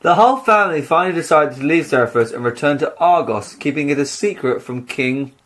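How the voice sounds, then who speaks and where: A man co-hosting a podcast, chatting about a myth with quick, dry wisecracks. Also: fairly high pitch, animated, fairly bright tone. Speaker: podcast co-host. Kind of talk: casual comedic myth chat.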